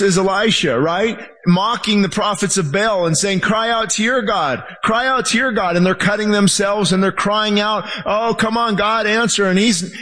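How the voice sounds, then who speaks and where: A man with a high, light voice preaches a sermon in a church. He delivers it with passion, slowing hard on key lines and acting out the voices of the people in his stories. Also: fairly bright tone. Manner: impassioned preaching, acts out voices and slows for emphasis. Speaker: pastor. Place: church sanctuary with screen.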